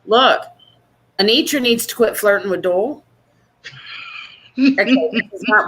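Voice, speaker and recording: A woman hosting a support group meeting online, chatting and teasing in a lively, casual way. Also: medium pitch, normal speed, pauses often, slightly rough, low-quality recording.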